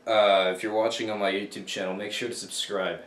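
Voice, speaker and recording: A man's voice: fairly low pitch, level tone, brisk, a bit bright. A young man casually rambling through a jokey retelling of a story, often breaking off mid-thought. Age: young adult. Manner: rambling, self-interrupting, jokey. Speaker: student video maker. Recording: echoey room with music.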